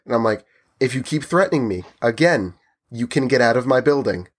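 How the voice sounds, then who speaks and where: A man's voice: medium pitch, a little fast. A man telling a story in casual chat, acting out the people he talks about. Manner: animated, acts out the people in his story.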